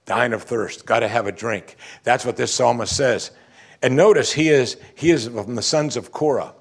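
A middle-aged man, a pastor, preaching a sermon in an animated way, swinging between emphatic and hushed. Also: mid-range voice, moderate pace.

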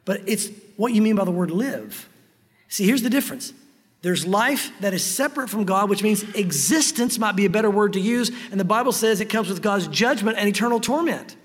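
High-voiced man preaching in a hall. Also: lively intonation, breathy edge. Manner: earnest preaching, drawn-out emphasis on key phrases. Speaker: pastor. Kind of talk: sermon.

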